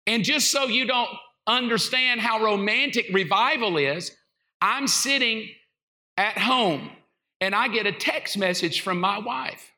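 A middle-aged male pastor preaching with jokes and stories. His voice sits high and sounds very bright and forceful. He is animated and acts out the people he quotes. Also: unhurried. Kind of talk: comedic sermon storytelling.

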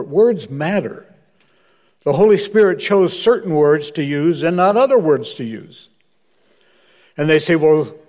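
A man's voice: fairly high pitch, a little mellow. A man preaching as a guest, telling anecdotes with humor and driving home his points with emphasis. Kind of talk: sermon.

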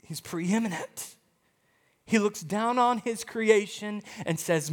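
A man pastor preaching a sermon, telling a story in an animated, emphatic way. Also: high voice, slow, in a large hall.

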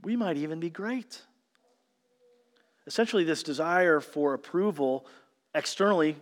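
A man delivers a sermon in a slightly raised voice, pressing hard on key words and then dropping to a near hush. His voice carries a long reverb, as in a large church sanctuary. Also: on the high side. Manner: storytelling, emphatic, varies volume from loud to hushed. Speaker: pastor.

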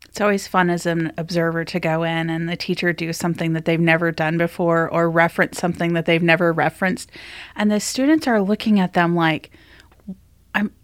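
A woman hosting a podcast, a former teacher who tells lively anecdotes with casual fillers. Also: lowish voice, fairly quick, clean tone, dry recording. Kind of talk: conversational podcast storytelling.

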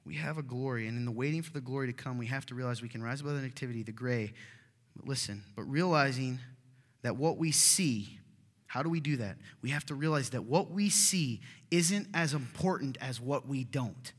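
A man's voice: mid-range voice, brisk. A man preaching a sermon as pastor, chatting and joking with the congregation, then reading Scripture with rising emphasis. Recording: reverberant hall.

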